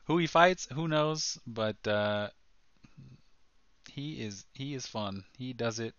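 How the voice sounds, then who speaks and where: A man co-hosting a casual sports podcast, excitable and quick to laugh, often restarting his sentences. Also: mid-range voice, clear, resonant tone, no room sound, dull audio. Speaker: podcast co-host.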